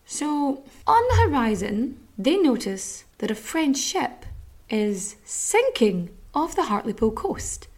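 A woman's voice: on the high side, big pitch swings, slow pace, darkish tone. A woman hosting a podcast, telling a history story in a casual, rambling way with lots of fillers and swearing. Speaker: podcast host.

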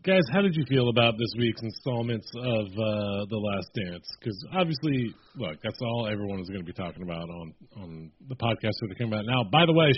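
A man co-hosting a podcast in casual chat, steering the talk in a relaxed way. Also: lowish voice, a little hiss or hum. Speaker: podcast co-host. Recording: dull lo-fi sound.

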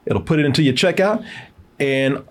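A man's voice: on the high side, lively intonation, normal speed. A man hosting a casual online show, chuckling easily and talking straight to his viewers while reading a sponsor message. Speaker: host. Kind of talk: casual chat and sponsor read.

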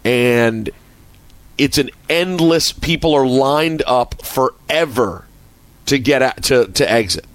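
A man's voice: mid-range voice, takes it slowly, no echo. Radio co-host guy, mid voice, lots of ups and downs, asks pointed questions, dry close sound. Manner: expressive, probing questions, exasperated asides. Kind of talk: casual radio banter.

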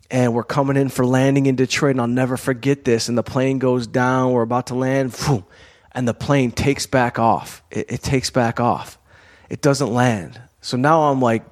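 A man hosting his own show, telling a personal story in a candid, conversational way, full of "you know" and "like.". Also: mid-range voice. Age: adult, college-educated comedian and performer. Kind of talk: casual storytelling monologue.

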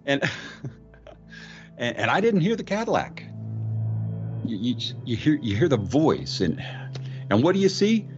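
A man doing an impression of a famous actor, retelling an eerie roadside encounter in the first person, with halting restarts and drawn-out dramatic phrases. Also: medium pitch, very animated, lo-fi sound, soft background music, pitched above the performer's own voice. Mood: spooked. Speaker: podcast host.

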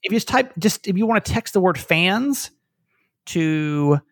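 A man's voice: high-pitched, lively intonation, fairly bright tone, dry recording, studio quality. A man hosting a podcast in casual chat, with a light Southern American accent, rambling and laughing easily. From Southern United States. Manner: rambling, chatty, quick laughs. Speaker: podcast host.

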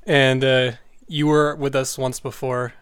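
Brief: male podcast host, mid pitch, giggly, dry close sound. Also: flat delivery, a little slow, smooth, no echo. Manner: giggly, easily amused. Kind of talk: casual chat and reading a story aloud.

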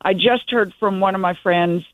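An older woman, a guest journalist, tells stories with enthusiasm and plenty of meandering in a casual phone interview. Her voice is medium-pitched at a normal speed, with no echo, over a dry, tinny phone line.

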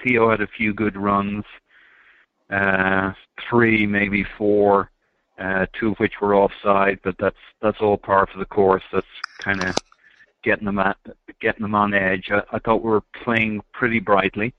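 A man's voice: on the low side, little pitch movement, unhurried, no room sound. A man chatting as a podcast regular over a phone call, hesitant and full of fillers. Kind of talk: casual podcast chat. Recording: tinny phone line.

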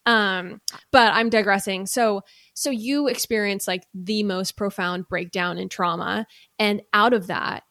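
A woman hosts a podcast interview with a gravelly, slightly fried voice. She talks in a chatty, rambling way and keeps affirming her guest. The recording sounds dry and close. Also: medium pitch, steady tone, a little slow, fairly bright tone, no echo. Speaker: podcast host. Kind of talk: conversational interview.

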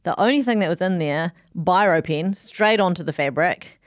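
A woman, co-hosting a podcast and telling animated stories with frequent laughter. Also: lowish voice, moderate pace, no room sound, studio quality. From New Zealand. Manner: animated storytelling, laughs often. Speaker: podcast co-host. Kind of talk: casual chat.

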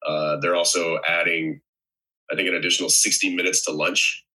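A man's voice: low-pitched, flat delivery, normal speed, sharp tone, poor audio. A man, an actor as interview guest, explaining things in long rambling stretches with wry humor. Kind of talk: casual chat.

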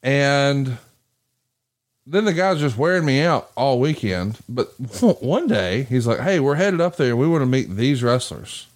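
Profane, animated male storyteller. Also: mid-range voice, a little slow. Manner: profane, animated storyteller acting out quoted voices. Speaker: podcast host. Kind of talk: casual storytelling chat.

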